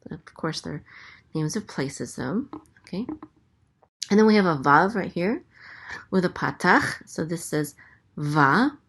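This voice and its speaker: A woman teaching a casual Biblical Hebrew reading lesson, explaining slowly with many pauses and fillers. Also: on the low side, expressive, gravelly, breathy edge. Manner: slow and explanatory, with many fillers and self-corrections.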